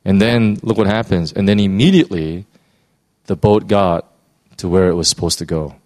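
A man's voice: deep voice, normal speed, a little mellow. A man preaching a sermon in a conversational, storytelling way, with frequent restarts and fillers.

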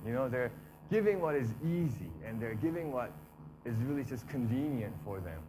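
A man giving a casual, conversational sermon, talking through the text in a relaxed way and often repeating himself. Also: mid-range voice, normal speed, noisy background. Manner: relaxed, repeats himself, acts out complaining voices. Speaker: preacher.

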